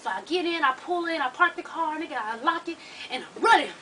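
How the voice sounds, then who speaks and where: A woman vlogger telling a personal story to her viewers in an animated, profane, slang-heavy way. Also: sits high, brisk, distant mic, noisy background.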